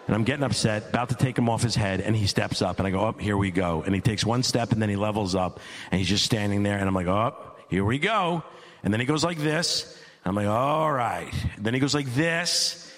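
A middle-aged man telling a stand-up story as an exasperated dad, animated and climbing to near-shouts. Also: fairly low pitch. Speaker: stand-up comedian.

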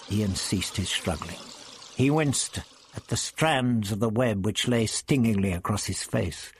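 A man's voice: fairly low pitch, measured pace, a little hiss or hum. A man reading an adventure story aloud in a dramatic storytelling manner. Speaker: audiobook narrator. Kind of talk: expressive audiobook reading.

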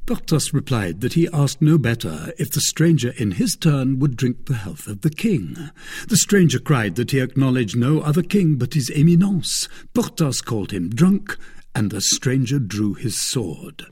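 A man narrating a classic adventure novel in a steady, even reading voice. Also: mid-range voice, normal speed, slightly rough. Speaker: audiobook narrator. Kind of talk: scripted narration.

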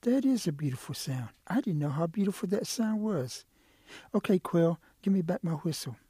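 A man's voice: sits high, animated, normal speed, mellow, slightly rough, dry recording. A man voicing a cautious old male turtle in a told animal story, hesitant and fretful. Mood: reluctant.

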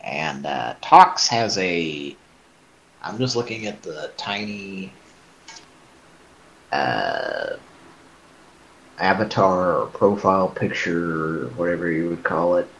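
Man, stream host, casual chat, hesitant, self-mocking, deep, slow. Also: animated, vocal fry, fairly bright tone, muffled recording.

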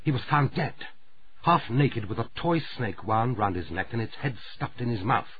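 A man's voice: lowish voice, normal speed, close to an everyday voice. A man reading a harsh, scornful middle-aged woman in an audiobook, with a cutting delivery. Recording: lo-fi muffled recording.

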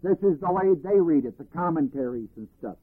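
A man teaching a Bible class, reading verses and explaining them deliberately, phrase by phrase. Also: a little high, lively intonation, husky. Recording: tinny archival phone-band recording.

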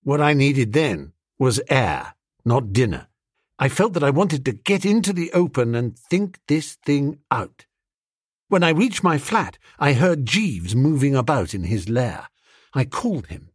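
A man narrating a comic story in an animated, playful way. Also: medium pitch, unhurried, husky, no room sound, studio quality. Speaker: audiobook narrator. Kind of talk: scripted narration.

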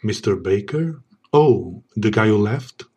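A man playing a smug secret agent in a comedy sketch, keeping a low, smooth, deadpan voice. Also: slow pace, full character voice. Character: suave smug male secret agent parody.

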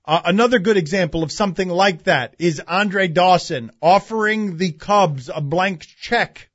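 Male sports radio host, high voice, joking banter, dry lo-fi studio sound. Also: normal speed, fairly bright tone, dry recording. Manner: joking, laughs often, leads the segment. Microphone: studio microphone. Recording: dull, lo-fi radio studio audio.

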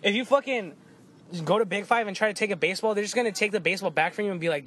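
A young man with a slightly high voice, ribbing his friends in crude, sarcastic banter. He acts out little mock quotes as he argues a point. A faint hiss of the room runs underneath. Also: very fast, a bit bright. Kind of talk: crude casual chat among friends.

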